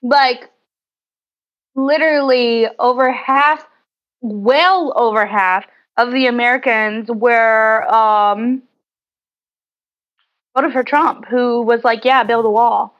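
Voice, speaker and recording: A young woman co-hosting a podcast in casual chat, with quick, chatty asides. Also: fairly high pitch. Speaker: podcast co-host. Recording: slightly dull lo-fi sound.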